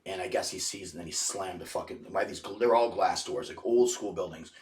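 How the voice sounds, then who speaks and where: As a podcast guest, a low-voiced man with a darkish tone tells a rambling, profane story a little fast, circling back and restarting sentences. It's casual storytelling, and he sits slightly back from the mic in an echoey, roomy space that sounds distant.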